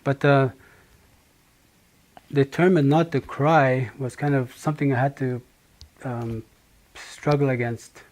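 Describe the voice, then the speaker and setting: A middle-aged man from Manitoba tells his own story as testimony. His voice is mellow and dark, at an ordinary pitch. He speaks slowly and reflectively, pausing and restarting often. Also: fairly even intonation. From Manitoba, Canada. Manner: slow, halting, reflective with pauses and restarts. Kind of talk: personal testimony.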